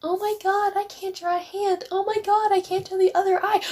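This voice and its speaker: Girl putting on a whiny meme page artist voice, way higher, mocking. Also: little pitch movement, brisk, noisy background. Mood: mocking whine. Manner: high mocking whine.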